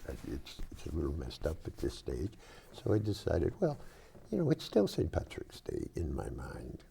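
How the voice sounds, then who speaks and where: A man's voice: extremely low pitch, normal speed, creaky, slight background noise. An older man from South Boston with a Boston accent, chatting casually as a host and telling rambling stories full of fillers. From South Boston, Massachusetts. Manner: rambling, animated storyteller with many fillers. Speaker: local cable show host. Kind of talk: casual chat.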